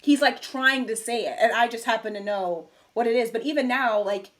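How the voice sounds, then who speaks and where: Young woman podcast co-host, slightly high voice, animated storyteller. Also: normal speed, slight background noise. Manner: animated storytelling, acts out quotes. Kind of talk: casual chat.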